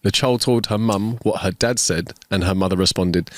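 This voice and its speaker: A man co-hosting a comedy podcast, telling listener jokes in a giggly, expressive storytelling way. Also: on the low side, moderate pace, hardly any pauses, no room sound, studio quality. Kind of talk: casual comedy chat. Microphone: close studio mic.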